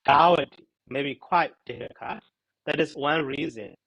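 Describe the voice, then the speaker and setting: Male language teacher, hesitant, fills pauses, slightly higher voice, explaining grammar to a student. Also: fairly bright tone, low-quality recording. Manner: halting, searches for words, many fillers. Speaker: Pali teacher. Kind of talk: explaining grammar in a class discussion.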